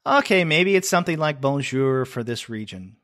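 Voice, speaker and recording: A man co-hosting a casual comics review podcast, answering in a relaxed, attentive way. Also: medium pitch, normal speed. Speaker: podcast co-host.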